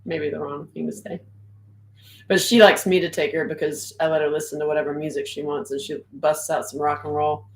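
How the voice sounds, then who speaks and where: A middle-aged woman chatting loosely on a livestream, joking and answering viewers' comments as she goes. Her voice sits on the low side for a woman. The room around her sounds echoey. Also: little pitch movement, a little fast. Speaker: livestream host. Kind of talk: casual livestream chat.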